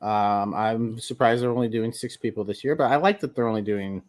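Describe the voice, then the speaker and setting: A man's voice: lowish voice, brisk. A man co-hosting a podcast in casual chat, hesitant and full of fillers. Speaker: podcast co-host.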